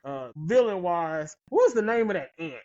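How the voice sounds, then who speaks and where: A man's voice: high voice, big pitch swings, moderate pace, a little mellow, lo-fi sound. A man co-hosting a casual anime talk show, chiming in with short, enthusiastic remarks. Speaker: podcast co-host. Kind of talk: casual chat.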